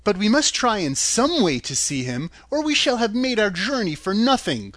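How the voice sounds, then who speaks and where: An earnest little girl voiced by a man in a lifted register speaks gently and politely. Her lines rise and fall in a lively way, recorded dry and close. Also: high voice, moderate pace, no room sound, pitched above the performer's own voice. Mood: wistful.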